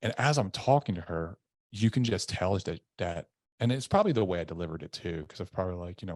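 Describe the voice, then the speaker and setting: A man's voice: low-pitched, animated, quick pace, no room sound. A man, a podcast guest, earnestly recounting a personal story in candid conversational detail. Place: indoor room.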